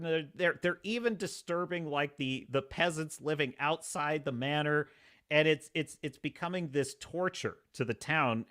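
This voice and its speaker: A man hosting a live review, casually retelling episodes and acting out the characters' lines. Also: sits high. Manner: animated storytelling, acts out characters' lines. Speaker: host.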